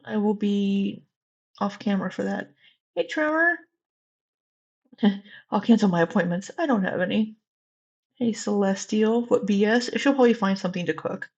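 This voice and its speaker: A woman's voice: mid-range voice, gravelly, slightly rough, lo-fi sound. A woman with a Southwest Missouri accent, hosting a casual livestream and greeting chat viewers by name in a chatty, candid way. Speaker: livestream host.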